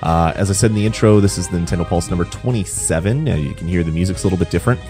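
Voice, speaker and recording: A man's voice: deep voice, rapid-fire, warm tone, faint music behind. A young man hosting a casual gaming podcast, chatty and rambling, laughing easily. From Canada. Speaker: podcast host.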